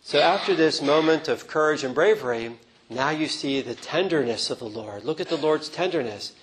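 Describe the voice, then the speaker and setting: Earnest unhurried male preacher. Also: fairly high pitch, lively intonation, slight background noise, low-quality recording. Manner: unhurried, earnest, with restarts and quoted lines. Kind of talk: sermon on a gospel reading.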